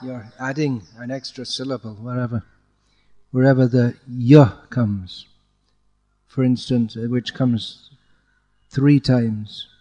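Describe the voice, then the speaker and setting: A man teaching a student to chant Sanskrit verses, correcting pronunciation patiently and chanting lines slowly to demonstrate. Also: medium pitch, fairly even intonation, dark tone. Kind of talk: one-on-one chanting lesson.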